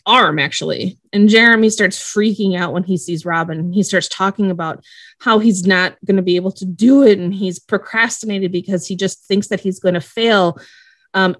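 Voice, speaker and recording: A woman's voice: on the low side, no room sound, studio quality. A woman co-hosting a podcast, recapping a show episode in a casual, chatty way with wry asides and laughs. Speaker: podcast co-host.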